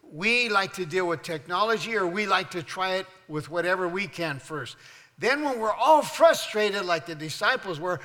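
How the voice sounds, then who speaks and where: Bright-voiced preaching pastor in a reverberant hall. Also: male voice, lively intonation, normal speed. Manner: preaching with call-and-response to the congregation; rises loud and high on questions, drops soft on quiet lines. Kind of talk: sermon. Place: church sanctuary.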